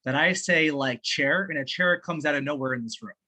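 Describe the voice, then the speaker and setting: Giving feedback in a casual video call, this sales training partner is excitable, swearing a lot and laughing while he speaks as he gets swept along. His bright, forceful voice sits a little high and moves fairly quickly.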